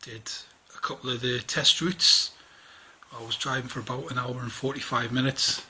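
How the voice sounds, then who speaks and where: A man's voice: medium pitch, flat delivery, moderate pace, pushed and bright, husky. A man, rambling through a casual spoken diary and sounding tired. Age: 40s. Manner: rambling, chatty, quotes others in conversation. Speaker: vlogger.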